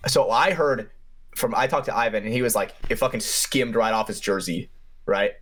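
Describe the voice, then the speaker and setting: A young man with a fairly low voice tells a paintball story on a podcast. He talks loosely and swears a lot, and his pitch leaps up whenever he hits a punchline. His delivery is casual and fired-up. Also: normal speed. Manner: animated, profane, pitch jumps up for emphasis. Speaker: podcast co-host and paintball player.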